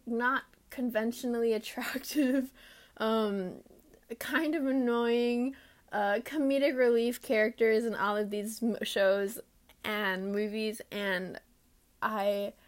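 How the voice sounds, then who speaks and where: A young woman hosting her own podcast alone, rambling casually and mocking herself with lots of fillers. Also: medium pitch. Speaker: podcast host. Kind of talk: casual solo podcast chat. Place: her room.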